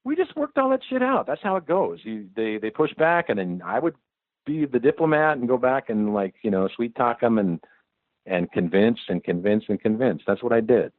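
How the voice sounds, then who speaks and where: A man's voice: medium pitch, sing-song, normal speed, no echo. A man being interviewed who rambles casually and swears freely. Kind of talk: oral-history interview recollection. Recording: dry, tinny phone line.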